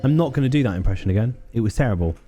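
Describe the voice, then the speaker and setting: A man's voice: mid-range voice, expressive, rapid-fire, dark tone, soft background music. A man streaming a story game, reading its text aloud and making wry, jokey asides. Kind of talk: let's play commentary and reading.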